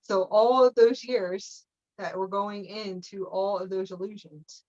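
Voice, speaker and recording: A woman's voice: medium pitch, steady tone, a little slow, a little mellow. Meandering woman teaching on a lo-fi call. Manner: meandering, checks in with frequent "okay?"; laughs often, playful asides. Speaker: spiritual teacher. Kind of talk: live spiritual teaching session.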